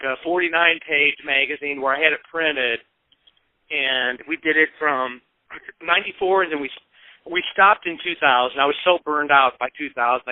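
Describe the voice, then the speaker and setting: This talk show guest is a man in his fifties from Peoria, Illinois, in the US Midwest, trading animated anecdotes in a casual interview and mimicking whoever he's quoting. He pitches a little high for a male speaker. The sound is tinny, like a phone line, close-miked with no echo or room at all.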